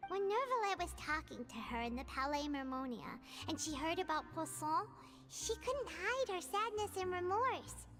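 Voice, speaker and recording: A tiny floating companion chatters in a very high, sing-song voice, bragging about her own cleverness. Her pitch leaps all over the place. Game music plays clearly behind her. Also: normal speed. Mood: earnest. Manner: boastful, excitable.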